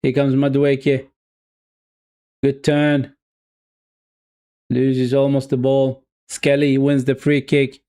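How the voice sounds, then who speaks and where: A man with a Swedish accent streaming a live football watch-along, excitedly cheering on his team and chatting casually with viewers. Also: medium pitch, slow pace, long pauses, dry recording, studio quality. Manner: self-mocking, casual asides to viewers.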